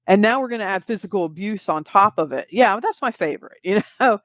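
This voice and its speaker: A woman speaks as a grief recovery specialist in an interview, laying things out in a measured way with everyday examples. Her voice sits at a middle pitch. The sound is dry and close, with no room echo. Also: lively intonation. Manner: measured, uses vivid examples. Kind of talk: explanatory interview talk.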